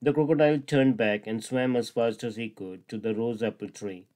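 A man's voice: mid-range voice, fairly even intonation, normal speed, dark tone. Man narrating a children's fable. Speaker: storyteller. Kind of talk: storybook narration.

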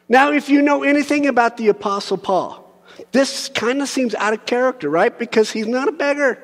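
A man preaching a conversational sermon as pastor, joking with the congregation and moving between soft asides and loud, pleading emphasis. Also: high voice, big pitch swings, a little fast. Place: church sanctuary. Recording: long hall reverb.

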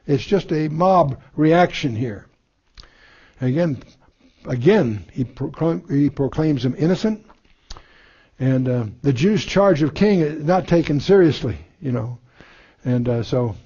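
Guy teaching bible verse by verse, kinda husky, dark mellow voice, dull lo-fi recording. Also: a little high, expressive, measured pace. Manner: reads scripture aloud then comments, with frequent fillers and restarts.

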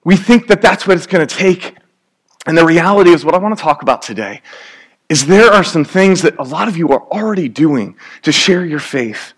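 A man's voice: fairly high pitch, animated, a little fast. Man preaching a chatty sermon. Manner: conversational, joking, acts out little scenes.

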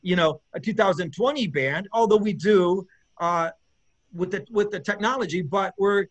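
A man, a bass player, chatting as an interview guest in a rambling, enthusiastic way with many fillers and restarts. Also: normal speed, dull audio. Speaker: guest musician, bassist. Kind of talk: casual interview chat.

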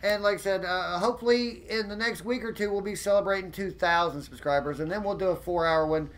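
A man live-streaming a police game, joking loudly and thanking viewers by name. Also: high voice, fast, rough recording.

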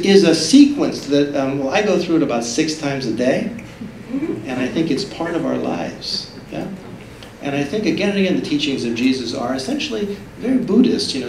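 A man giving a public talk as an author, telling stories in an animated way and acting out the voices in them. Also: mid-range voice, a little hiss or hum. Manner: animated storytelling, acts out voices in his retellings. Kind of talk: public lecture. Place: public library talk room. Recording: roomy library hall from a distance.

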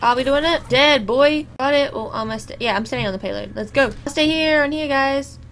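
A woman's voice: high voice, moderate pace, a bit bright, a little hiss or hum. A young woman, chatting and exclaiming as she comments live on her own gameplay. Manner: chatty, exclaiming at the game, laughing. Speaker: gaming YouTuber.

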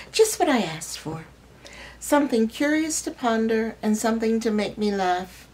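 A woman's voice: mid-range voice, a little mellow, rough recording. Woman reading a short story expressively. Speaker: reader.

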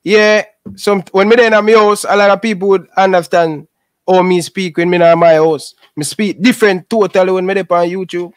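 A Jamaican man hosting a talk show, relaxed, often agreeing with his guests. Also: high voice, a little fast, no echo, clean studio sound. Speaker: host. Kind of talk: casual chat.

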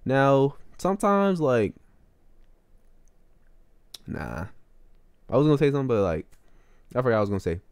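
A young man tells a story in a loose, slangy ramble, his pitch bouncing up and down and full of fillers. The recording is dry and close, with no room sound. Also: normal speed, pauses often, clear, resonant tone, dry recording. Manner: animated, with sudden jumps up in pitch. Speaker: vlogger telling a story. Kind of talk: casual storytime monologue.

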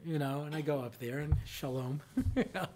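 A man's voice: a little high, steady tone, moderate pace, crowd noise. A middle-aged American man, a rabbi giving a humorous lecture, telling anecdotes in a chatty way with constant "you know" asides. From United States.

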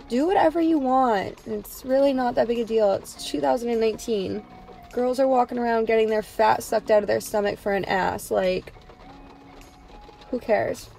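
A woman's voice: fairly high pitch, a little mellow. A young woman vlogging casually to camera from a car, chatty and emotional, full of "like" fillers.

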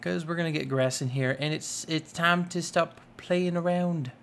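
A young man giving casual, rambling commentary over a modded block-building game, excitable and full of fillers. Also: fairly high pitch, moderate pace, creaky, hardly any pauses, slight background noise. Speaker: gaming YouTuber. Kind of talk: casual Minecraft let's play commentary.

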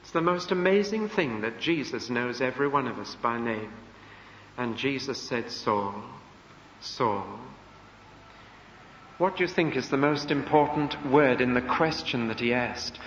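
A man's voice: mid-range voice, expressive, normal speed, a bit bright, slight background noise. Emphatic male preacher in an echoey church. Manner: emphatic, rhetorical questions, acts out quoted voices. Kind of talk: sermon. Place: church before a live congregation. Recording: echoey church hall, dull lo-fi.

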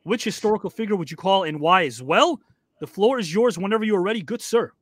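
A male talk show host with a notably high voice who speaks formally and politely, like an announcer. The sound is close and dry, with no room echo at all. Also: lively intonation, fast talker, fairly bright tone.

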